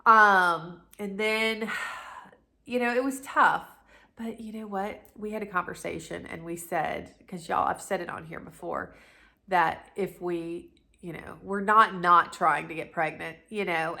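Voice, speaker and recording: A woman's voice: lowish voice, gravelly. A middle-aged woman, casually telling a personal story to camera, chatty and full of asides. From North Carolina, USA. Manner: chatty and animated, with many restarts and asides. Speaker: lifestyle vlogger.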